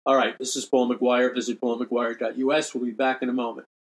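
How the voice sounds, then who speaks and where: Older man, radio host, emphatic monologue, repeats himself for emphasis, mid-pitched voice. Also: little pitch movement, fairly quick, poor audio. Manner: emphatic, repeats key phrases, earnest appeals. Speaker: radio show host and minister.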